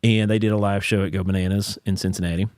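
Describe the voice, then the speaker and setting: A man hosting a podcast, telling a story in casual chat and jumping into quick impressions of other people. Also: lowish voice, level tone, a little mellow, dry recording, clean studio sound. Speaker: podcast host.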